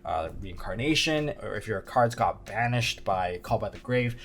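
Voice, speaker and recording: A man hosting a video, giving casual analysis commentary on a card game with animated, up-and-down delivery and dry sarcastic asides. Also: moderate pace. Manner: animated, jumping between excited highs and low asides.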